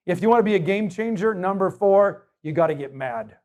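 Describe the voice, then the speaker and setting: A man's voice: high voice, expressive, a little fast, hardly any pauses, a little mellow. A man preaching a sermon as pastor, emphatic and conversational, putting rhetorical questions to his congregation.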